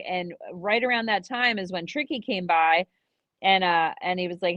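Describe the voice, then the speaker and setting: A woman's voice: medium pitch, normal speed, dry recording, lo-fi sound. Chatty woman telling stories, dry sound. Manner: animated storytelling, acts out quoted dialogue. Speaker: co-host and former contestant. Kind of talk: casual aftershow chat.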